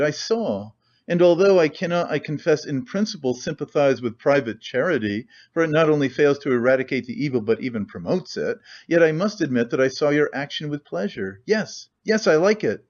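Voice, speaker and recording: A man voicing an excitable, preachy young idealist who lectures eagerly and talks in quick bursts. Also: fairly high pitch, muffled recording, lightly acted.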